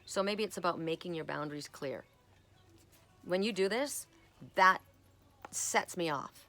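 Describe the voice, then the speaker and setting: A woman's voice: fairly low pitch, a little slow, sharp tone. A middle-aged woman giving a casual, chatty spiritual talk as an oracle card reader, telling stories and often repeating words. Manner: chatty, storytelling, repeats words when worked up.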